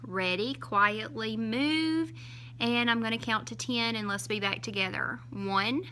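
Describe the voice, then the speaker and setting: A woman teacher, talking young children through a lesson in a slow, sing-song way and stretching out each syllable when she counts. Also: a little high, bright, forceful tone, a little hiss or hum.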